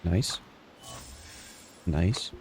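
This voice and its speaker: A man's voice: extremely slow, darkish tone, slight background noise. A man streaming a game, reading its story text aloud in a plain voice with small restarts.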